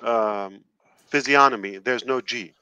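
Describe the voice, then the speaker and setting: A man joining a casual call as a guest, giving earnest advice in halting phrases with frequent restarts. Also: medium pitch, highs cut off, background noise. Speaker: special guest. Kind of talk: casual video-call chat.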